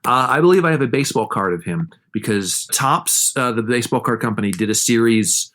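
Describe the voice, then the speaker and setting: A man's voice: lively intonation, fairly quick, a bit bright. A man co-hosting a podcast, talking through a film in a casual, rambling way with many restarts. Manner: rambling, with frequent restarts and sudden jumps in pitch. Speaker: podcast co-host.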